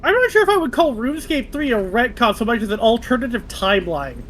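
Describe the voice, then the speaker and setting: A man's voice: very high-pitched, big pitch swings, quick pace, fairly bright tone, slight background noise. A man chatting casually on a gaming stream, making dry wry quips. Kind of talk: casual chat while gaming.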